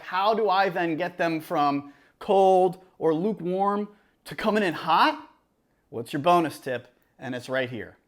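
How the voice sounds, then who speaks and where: A man who works as a wedding DJ, giving other DJs casual advice in an energetic, emphatic way with lots of fillers. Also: sits high. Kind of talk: casual advice talk to camera.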